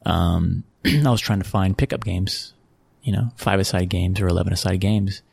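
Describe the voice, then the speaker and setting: A middle-aged American man from Texas, a sports executive telling stories as an interview guest in a relaxed, conversational way, repeating phrases and chuckling often. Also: low-pitched, normal speed, gravelly, husky. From Texas, USA.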